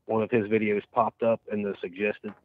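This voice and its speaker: A man's voice: lowish voice, level tone, moderate pace, no room sound. A young man being interviewed as a guest, chatting casually in a laid-back way and swearing freely. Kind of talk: casual chat. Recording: tinny phone-like line.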